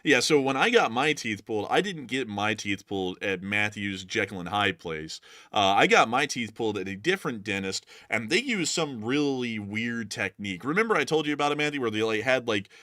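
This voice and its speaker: A man's voice: fairly low pitch, animated, fairly quick, few pauses, sharp tone, dry recording, clean studio sound. A man hosting a live stream in casual chat, jokey and upbeat, reading out viewer messages. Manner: jokey, upbeat, filler-heavy. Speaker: live stream host reading super chats.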